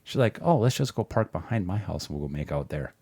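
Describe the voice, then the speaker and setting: Man, deep voice, casual rambling storyteller, swears a lot, dry close sound. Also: lively intonation, quick pace, dark tone, breathy edge, dry recording. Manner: rambling, profane, laughs often. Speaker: podcast guest.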